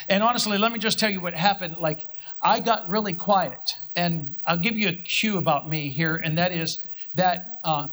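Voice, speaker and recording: A man's voice: sits high, a bit bright. A middle-aged male pastor preaching a sermon in a conversational way, acting out his own thoughts as he tells a story.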